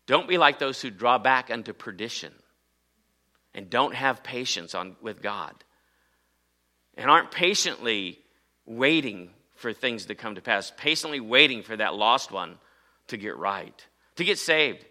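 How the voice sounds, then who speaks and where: A man's voice: mid-range voice, pushed and bright. A man, a pastor, preaching a sermon in church, emphatic and often asking the congregation questions.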